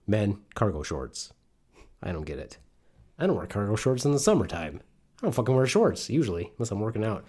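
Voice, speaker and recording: A man's voice: lowish voice, sing-song, a little fast, dark tone, slightly rough. A middle-aged man from Michigan hosting a casual podcast, rambling and joking with plenty of swearing. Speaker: podcast host. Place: home studio.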